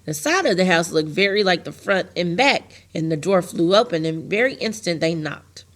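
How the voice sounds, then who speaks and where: A woman reads a children's novel aloud in a steady, plain storytelling voice, a little low in pitch. She makes the odd small slip and corrects herself as she goes. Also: moderate pace. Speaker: teacher reading to a class. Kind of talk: reading a novel chapter aloud.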